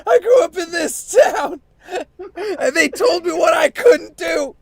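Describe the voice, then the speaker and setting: A man doing a shouting, defiant dreamer. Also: very high voice, animated, measured pace, creaky, voice pushed up, heavily acted. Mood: rousing defiance. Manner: building, shouting, breaking into laughter. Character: defiant man giving a rousing speech.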